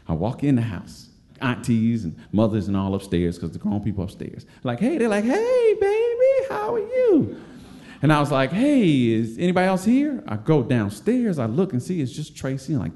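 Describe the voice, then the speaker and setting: Lively Detroit man telling a comic story. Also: medium pitch, fairly quick. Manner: animated, acts out voices, laughs while telling. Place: stage before a live audience.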